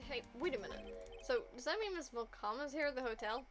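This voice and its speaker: A woman's voice: sits high, expressive, fast talker, faint music behind. A woman doing a chummy, bumbling cop. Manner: loud, chummy, keeps saying pal. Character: bumbling friendly male police detective. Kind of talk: reading a video game script aloud.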